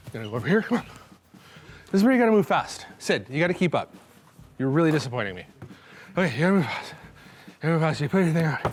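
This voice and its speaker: A man's voice: medium pitch, a little hiss or hum. A man hosting a cooking show, chatting in a rambling, self-mocking, nervous-joking way. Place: studio kitchen.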